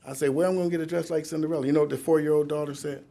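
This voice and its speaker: A man in his fifties shares a rambling, conversational recovery testimony at a courtroom ceremony, laughing at himself along the way. His voice sits fairly high and stays steady and warm, with vocal fry, and he talks very fast.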